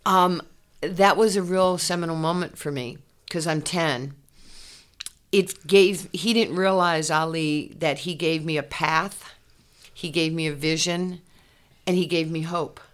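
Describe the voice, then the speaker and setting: A woman, a former athlete telling her life story in an interview, animated and laughing often. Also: deep voice, measured pace. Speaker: interview guest, former basketball player. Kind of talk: candid personal storytelling.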